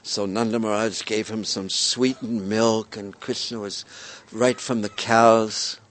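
A man telling a devotional story in a gentle, repetitive storytelling manner. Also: on the low side, flat delivery, unhurried.

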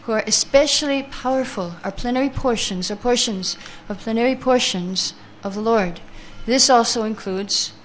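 A woman teaching a scripture class who chants verses slowly, then reads the translations and explains them, taking answers from her listeners. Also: on the high side, slight background noise.

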